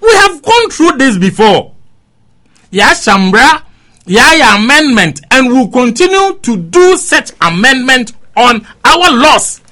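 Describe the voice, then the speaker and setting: A man's voice: very high voice, very animated, a little slow, bright, forceful tone. A Ghanaian man giving emphatic political commentary on a radio talk show, mixing in English phrases.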